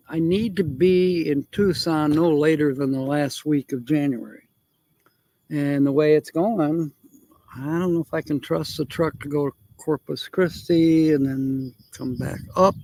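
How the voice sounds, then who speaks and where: Male livestream host, slow unhurried delivery, slightly high voice, dry close sound, rambling chat with chuckles. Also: darkish tone, no echo. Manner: rambling, chuckling often, thinking aloud. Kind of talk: casual livestream chat reading viewer comments.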